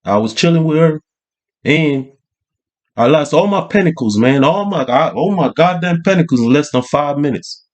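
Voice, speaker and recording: A man's voice: a little high, expressive, normal speed, voice pushed up, natural voice. A man putting on a rambling old street hustler. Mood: boastful. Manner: slangy, rambling, exclaiming. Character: older male street hustler, rambling and boastful.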